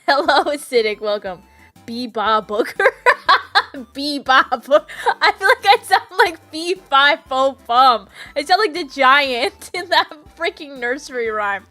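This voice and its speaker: A giggly woman streamer with a high, bright voice chats with her viewers, laughing through her own silly ideas. She talks at an unhurried pace, with faint music playing behind her. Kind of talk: casual chat with viewers.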